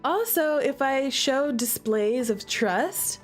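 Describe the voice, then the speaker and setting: A woman's voice: fairly high pitch, animated, moderate pace, a little mellow. Playful young woman gushing over a game. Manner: gushing, playful, slangy commentary. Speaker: gaming streamer. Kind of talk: reading and reacting to a visual novel. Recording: faint music underneath.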